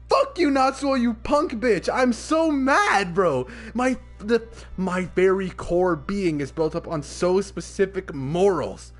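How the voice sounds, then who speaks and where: A young man streaming, ranting about a story in a casual, profane, animated way. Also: fairly high pitch.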